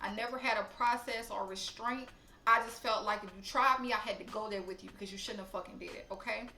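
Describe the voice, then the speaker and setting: A young woman telling a story to camera, blunt, profane and animated. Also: mid-range voice, quick pace, echoey room, soft background music. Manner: blunt, profane, animated, talks straight to viewers. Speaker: storytime vlogger.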